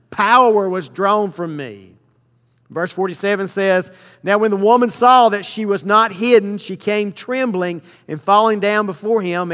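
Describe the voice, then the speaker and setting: A man preaching a sermon, reading scripture verses slowly and then explaining them with emphasis. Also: high voice, a bit bright. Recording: long hall reverb.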